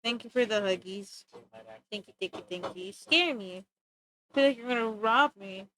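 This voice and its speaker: A woman livestreaming while she draws, chatting in an animated, joking, self-mocking way and laughing easily. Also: mid-range voice, moderate pace, poor audio. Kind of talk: casual stream chat while drawing.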